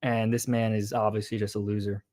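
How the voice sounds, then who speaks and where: A man talking casually on an online show, deadpan and blunt, repeating his points flatly. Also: lowish voice, brisk. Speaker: show guest explaining a theory.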